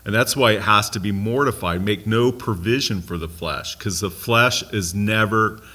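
A man's voice: on the low side, normal speed, pushed and bright. An American man leading a Bible study class in a conversational way, asking the group questions and making light asides. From United States.

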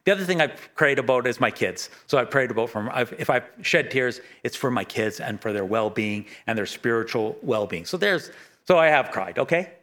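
Earnest, halting middle-aged pastor. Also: male voice, medium pitch, animated, fairly bright tone. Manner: earnest, halting, many restarts and stammers. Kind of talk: sermon.

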